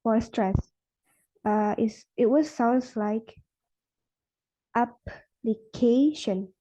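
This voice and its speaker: A young Indonesian-accented woman presenting on word stress for a class, slowing down to model stressed words. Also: fairly high pitch, steady tone, mellow. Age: young adult. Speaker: student presenter. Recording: muffled lo-fi recording.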